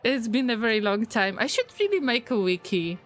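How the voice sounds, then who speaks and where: A woman's voice: a little high, big pitch swings, fairly quick, fairly bright tone, soft background music. A woman streaming a game and chatting with her viewers in English, which is not her first language. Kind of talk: casual livestream chat while gaming.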